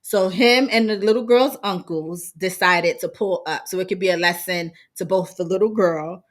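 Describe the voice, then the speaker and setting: A woman's voice: lowish voice, moderate pace. A woman hosting a casual podcast chat, telling stories expressively and laughing as she talks. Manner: expressive storyteller, laughs while talking. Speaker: podcast host.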